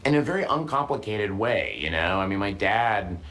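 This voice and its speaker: A man on a podcast quietly and amusedly recalling his family, laughing through the story. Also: lowish voice, animated, moderate pace. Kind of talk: podcast interview recollection.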